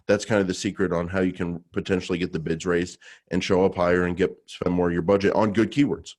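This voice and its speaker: A male podcast co-host with a somewhat low voice talks casually into a studio mic. He sounds jokey and self-assured, tossing out advice with loose restarts. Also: flat delivery, fast talker, a little mellow.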